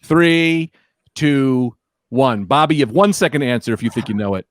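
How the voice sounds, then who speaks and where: A man's voice: medium pitch, expressive, moderate pace, no room sound, studio quality. A man running a casual trivia quiz over a video call, reading questions, counting down and teasing the players.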